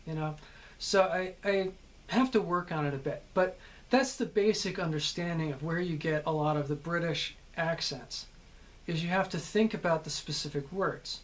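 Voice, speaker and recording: A man's voice: on the high side, normal speed. American man giving a casual acting lesson. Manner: conversational, explanatory, checks in with "okay?". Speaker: actor teaching character work.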